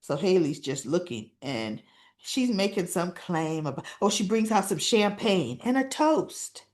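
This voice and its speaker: Slow, chatty woman recapping soap scenes. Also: fairly low pitch, expressive, a little mellow. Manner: chatty storytelling, frequent "right?" asides. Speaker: soap opera reviewer. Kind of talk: casual recap chat.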